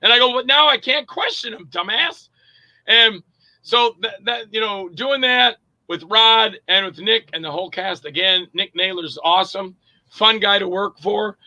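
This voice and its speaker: A middle-aged man with a high voice speaks at normal speed, and the recording is muffled with no room sound. He's an actor and director telling stories casually in an interview, animatedly acting out quoted dialogue and using lots of fillers.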